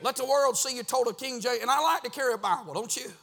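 Preacher, man, high and bright, sing-song delivery rising to shouts. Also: fast, gravelly. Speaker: pastor. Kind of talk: sermon. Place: church sanctuary.

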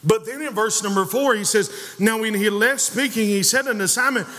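A fairly high-voiced man preaches to a congregation, pressing each point with rising emphasis and slipping into the voices of the people in his story. His words ring out with a long reverb through the church sanctuary. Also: fairly quick, hardly any pauses, sharp tone. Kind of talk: sermon.

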